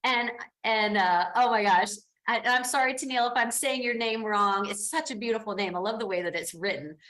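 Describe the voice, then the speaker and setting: A woman's voice: a little high, fairly quick, fairly bright tone, echoey room, a little hiss or hum. A woman business coach teaching an online class in an upbeat, encouraging way, speaking over a video call. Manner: upbeat, encouraging, acts out quoted voices.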